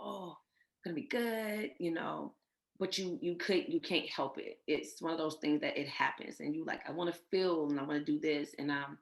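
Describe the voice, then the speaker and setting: A woman's voice: low-pitched, a bit bright. A woman guest telling her personal infertility story in an interview, emotional and full of faith, often quoting what others said. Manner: emotional, faith-filled, retells others' words.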